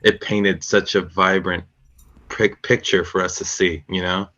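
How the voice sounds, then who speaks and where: A woman's voice: extremely low pitch, little pitch movement, measured pace, highs cut off. A woman co-hosting a casual podcast, affirming her partner's words. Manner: warm, affirming listener. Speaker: podcast co-host.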